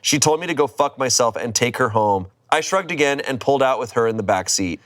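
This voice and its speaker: A man's voice: medium pitch, lively intonation, a little fast, a bit bright. Man reading stories with outraged flair. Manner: reads dramatically, swears, laughs, voices outrage. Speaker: host reading stories aloud. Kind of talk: casual reading and commentary.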